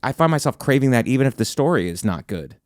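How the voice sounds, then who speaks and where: A man's voice: mid-range voice, sing-song, fast talker, no room sound, studio quality. A man hosting a podcast, a stand-up comedian who talks in a rambling, self-interrupting, sarcastic way. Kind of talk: casual podcast chat.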